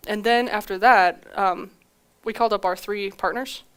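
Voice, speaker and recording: A woman's voice: medium pitch, normal speed, clean tone. A young adult woman giving a conference talk, telling a story with acted-out quotes and frequent laughs. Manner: animated, acts out quoted dialogue with laughs. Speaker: conference speaker.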